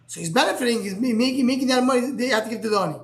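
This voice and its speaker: A man's voice: extremely high pitch, very fast. Style man teaching a Talmud class. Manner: thinks aloud with many restarts, fields student questions.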